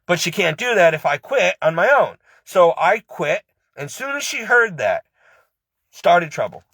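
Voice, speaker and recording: An angry, upset man vents in a rush, circling back and repeating himself as he talks. His voice sits high for a man. The sound is dry and close, with no room around it. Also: big pitch swings, measured pace, a bit bright, no echo. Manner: agitated, repetitive venting with many restarts. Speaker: ex-employee venting. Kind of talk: personal rant to camera.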